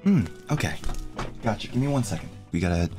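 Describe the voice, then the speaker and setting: A man's voice: fairly low pitch, lively intonation, fairly quick, over music. A man streaming, muttering to himself as he cooks. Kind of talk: casual chat while cooking.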